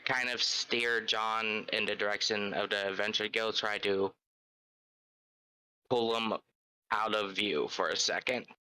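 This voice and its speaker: A man's voice: fairly low pitch, steady tone, unhurried, pushed and bright, clear, resonant tone, dry recording, low-quality recording. A man playing a tabletop game, speaking earnestly and formally in character. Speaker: player.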